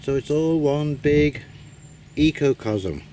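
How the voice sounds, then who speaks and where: A man casually talking through his garden work outdoors, pausing often with filler words as he explains. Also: fairly high pitch, slight background noise. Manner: rambling, many "uh" pauses, relaxed storytelling. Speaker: gardening vlogger.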